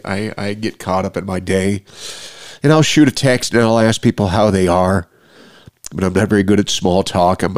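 A middle-aged man with a deep, low voice talks straight into a close microphone for his own podcast. His delivery is earnest and halting, often stopping to restart a phrase. The sound is dry, with no room around it. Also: darkish tone, dry recording. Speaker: podcast host. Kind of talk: personal podcast monologue.

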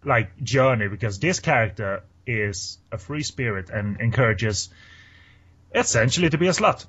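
A man's voice: medium pitch, lively intonation, moderate pace, fairly bright tone, husky, lo-fi sound. A man chatting casually as a podcast co-host about a film, rambling with many fillers and restarts. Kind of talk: casual chat.

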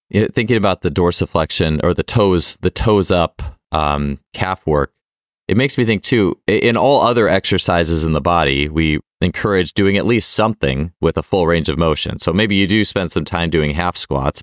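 A man hosts a podcast interview in a relaxed, chatty way. His voice sits very low. The recording is dry and close. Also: no echo. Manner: relaxed, chatty, laughs easily. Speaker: podcast host.

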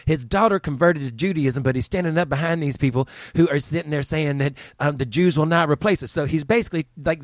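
A man's voice: a little high, dry recording. A man giving heated, profane commentary on a news story, swearing often as he rants.

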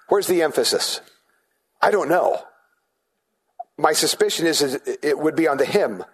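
A man's voice: on the high side, lively intonation, moderate pace, long pauses, breathy edge. A man preaching a sermon as pastor, in a conversational way, asking the congregation questions and often restarting his sentences.

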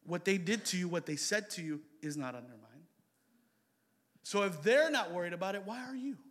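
Bright, high-voiced male preacher. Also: lively intonation, fairly quick. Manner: swings from loud shouted exhortation to quiet intimate asides. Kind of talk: sermon.

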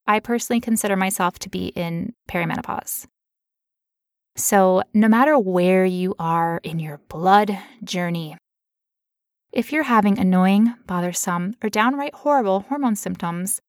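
A woman in her thirties co-hosts a podcast in a relaxed, chatty way. She sounds tired but stays playful and jokey. Her pitch sits in a middle range, and the recording is very dry and close. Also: no echo. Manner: jokey, playful, breaks into laughter. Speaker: podcast co-host. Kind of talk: casual podcast chat.

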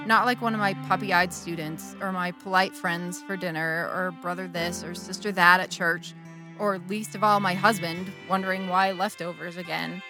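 A woman's voice: fairly low pitch, steady tone, moderate pace, over music, natural voice. An actress playing a middle-aged churchgoing wife who confesses an affair to her bishop, wry and candid, with sudden bursts of feeling. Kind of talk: dramatic monologue.

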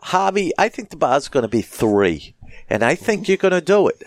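A man's voice: a little high, big pitch swings, normal speed, no room sound. A man co-hosting a podcast in casual chat, playful with jokey interjections. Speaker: podcast co-host.

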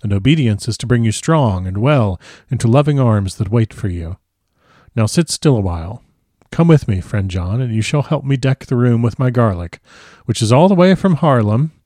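A man voicing an old foreign professor who speaks grave, broken formal English in a measured way. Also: mid-range voice, animated, warm tone, no echo, studio quality, close to an everyday voice. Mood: gentle. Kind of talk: audiobook character reading.

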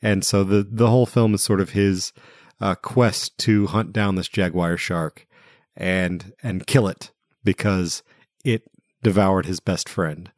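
A man hosting a casual film discussion podcast, talking in a relaxed, hesitant way with many fillers. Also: low-pitched, unhurried, no echo, clean studio sound. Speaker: podcast host.

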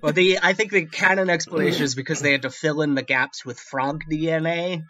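A podcast co-host in casual comedic chat who tosses in dry, deadpan quips. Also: medium pitch, brisk.

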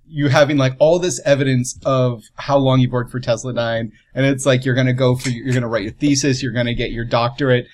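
A man's voice: mid-range voice, steady tone, a little fast, few pauses, a little mellow. A man rambles happily about his character in a casual tabletop game session. He is amused, and his talk is full of fillers and side turns. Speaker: tabletop role-play player.

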